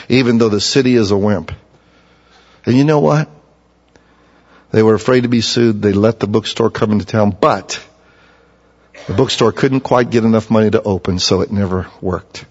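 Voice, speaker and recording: A middle-aged male pastor preaching a sermon, telling folksy stories and swinging from hushed, low passages to loud, emphatic ones. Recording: dull lo-fi recording.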